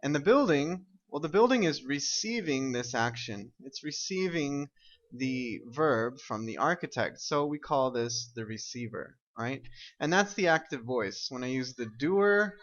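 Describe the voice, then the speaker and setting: A man's voice: mid-range voice, lively intonation, measured pace, fairly bright tone, lo-fi sound. A man teaching an English grammar lesson, explaining step by step and often checking with "right?" and "okay?".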